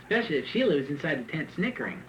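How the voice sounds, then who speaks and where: A man preaching a sermon, reading scripture and then retelling it in a joking, animated way with frequent laughs. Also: fairly high pitch, racing, lo-fi sound, background noise. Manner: animated, joking, laughs often at his own asides; reads scripture aloud and then retells it in plain talk. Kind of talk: sermon with Bible reading and commentary.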